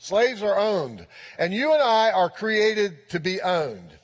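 A man's voice: sits high, very animated, takes it slowly. A pastor preaching a sermon in church, emphatic and often repeating his key phrases. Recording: long reverb in a church hall.

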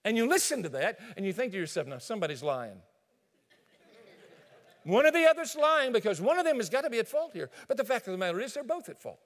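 A male pastor preaching a sermon in an animated storytelling way, addressing listeners directly. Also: extremely high pitch, racing, hardly any pauses, long reverb tail.

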